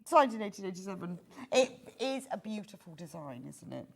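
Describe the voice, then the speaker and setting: A woman's voice: medium pitch, sing-song, brisk, creaky. A woman from Bath presenting products on a live shopping channel, chatty and gushing, laughing often as she talks. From Bath, England. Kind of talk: live TV sales chat. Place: TV studio.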